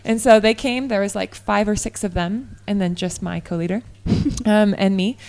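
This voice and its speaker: A woman hosting a podcast in a studio, telling a personal story in an animated, expressive way and laughing often. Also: medium pitch, moderate pace. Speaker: podcast host. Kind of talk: casual storytelling chat.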